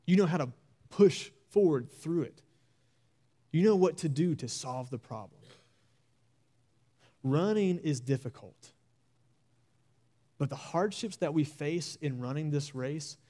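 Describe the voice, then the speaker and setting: A young man preaching a sermon in an earnest, exhorting way, repeating key phrases slowly for emphasis. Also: a little high, mellow.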